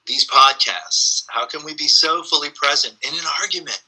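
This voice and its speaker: A man with a very bright, sharp tone chats as a podcast guest. He muses on ideas and slips into lively storytelling, throat-clearing and saying "um" as he goes. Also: a little high, normal speed, poor audio. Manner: animated storyteller, frequent fillers. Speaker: podcast guest, spiritual teacher. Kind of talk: casual reflective conversation.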